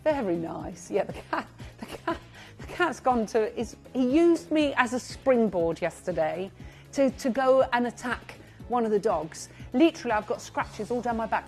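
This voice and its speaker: A woman presenting live shopping TV, chatty and gushing as she reads out buyers' names, now and then clearing her throat. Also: a little high, animated, moderate pace, darkish tone, soft background music. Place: TV studio.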